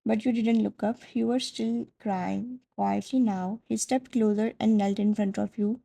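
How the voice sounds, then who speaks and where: A woman narrating a second-person fan fiction story, soft and dramatic in her delivery. Her voice has a dark, mellow colour and a steady gravelly creak. She keeps a smooth storytelling flow. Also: mid-range voice, a little slow, rough recording.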